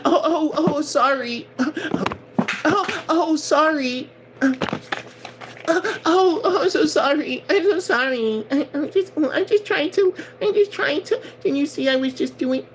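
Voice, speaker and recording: Man putting on a high teary girl voice, fake sobbing, whimpering apologies. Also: slow pace, background noise. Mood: fake crying. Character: whiny young woman playing fake victim.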